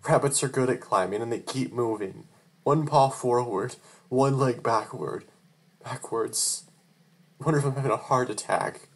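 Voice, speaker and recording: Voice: low-pitched, fairly even intonation, moderate pace. Tearful horror storyteller over guitar music. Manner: emotional, tearful delivery with frantic outbursts. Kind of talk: first-person horror story narration. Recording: guitar music playing behind the voice.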